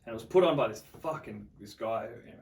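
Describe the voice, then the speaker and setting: A man's voice: on the low side, expressive, quick pace, a little mellow, recorded from a distance. A young Australian man casually telling a long story as a podcast guest, swearing freely and acting out what people said. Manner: swears a lot, acts out quotes.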